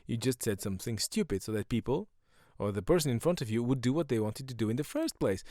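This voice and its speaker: A middle-aged man hosting a solo podcast, rambling sardonically and breaking into quick silly voices. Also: medium pitch, very animated, mellow, dry recording, studio quality. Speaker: podcast host.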